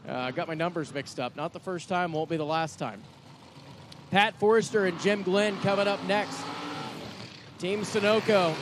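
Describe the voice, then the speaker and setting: A man announcing drag racing live at the track, excitable and folksy, quick with a joke. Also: sits high, background noise. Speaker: track announcer and assistant general manager. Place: outdoor drag strip. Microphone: hand-held announcer mic.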